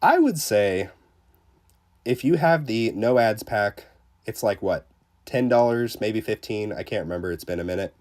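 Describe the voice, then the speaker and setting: A man with a somewhat low voice gives casual live commentary while streaming a game. He chats loosely, with plenty of fillers, greets his viewers and jokes at his own expense. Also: moderate pace. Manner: chatty, many fillers, greets chat viewers; self-deprecating and excitable. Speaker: livestreamer.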